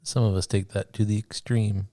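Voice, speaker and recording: A man's voice: on the low side, little pitch movement, moderate pace, mellow, no echo. A man co-hosting a podcast in casual chat, dropping dry wisecracks. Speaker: podcast co-host.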